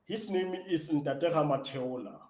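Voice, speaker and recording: A man's voice: fairly high pitch, measured pace, roomy sound, rough recording. A man, a startup founder, answering interview questions eagerly with lots of fillers and restarts. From South Africa. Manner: eager, excitable storyteller with many fillers and restarts.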